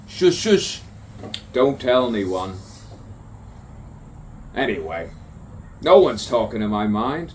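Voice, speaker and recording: A man reciting his own spoken word poem in a musing, repetitive way, with sudden emphatic bursts. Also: medium pitch. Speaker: poet. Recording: distant mic with faint background noise.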